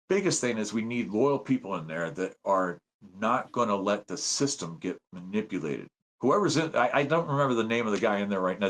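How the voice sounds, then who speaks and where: Podcast guest: fifties man from the United States, swoops up and down, excitable storyteller. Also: lowish voice. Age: 50s. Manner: animated, excitable, acts out quoted voices. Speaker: podcast guest, veteran and citizen journalist. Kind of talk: casual storytelling interview.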